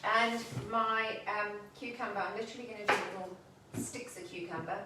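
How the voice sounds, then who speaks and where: A woman's voice: mid-range voice, steady tone, fairly quick, very noisy. A woman hosting a casual home cooking demonstration, chatting cheerfully as she works. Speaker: cooking show host. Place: home kitchen. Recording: echoey room, mic far off.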